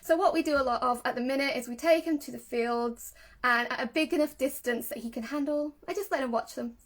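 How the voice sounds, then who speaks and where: High-voiced woman explaining earnestly. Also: a little fast. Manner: earnest, explains with examples, acts out a puppy's thoughts. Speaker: dog trainer. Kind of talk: casual educational talk.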